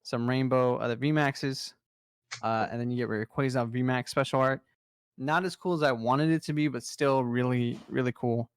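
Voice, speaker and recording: Smooth-voiced young man listing cards. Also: medium pitch, fairly even intonation, normal speed, no room sound, studio quality. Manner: enthusiastic, rattles off card lists. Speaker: podcast co-host presenting trading card news. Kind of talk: casual podcast chat.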